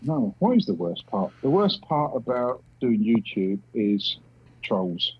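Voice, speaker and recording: A man's voice: mid-range voice, very animated, slow, husky, dry recording. A man from the UK guesting on a podcast, talking bluntly and swearing freely in casual chat over a video call. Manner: blunt, sweary, plain-spoken. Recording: dull lo-fi video call audio.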